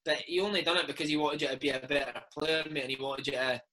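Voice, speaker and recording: A Scottish man in his thirties, a former footballer telling animated stories in a casual interview chat, dropping "mate" into every other line. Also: on the high side, fast talker, rough recording. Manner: animated storytelling, peppered with "mate". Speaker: former footballer and podcast host, interview guest.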